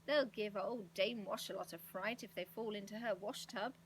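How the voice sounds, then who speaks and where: A woman's voice: medium pitch, moderate pace, slight background noise, close to an everyday voice, poor audio. A woman voicing a playful, mischievous magical man in a storybook. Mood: gleeful. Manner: gleeful, mischievous.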